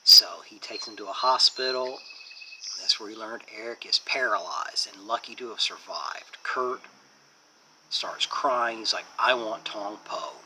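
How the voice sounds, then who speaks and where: A man's voice: on the low side, measured pace, sharp tone, slight background noise, rough recording. A man casually recapping a movie plot as a reviewer, rambling along with lots of fillers. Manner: rambling retelling with many fillers.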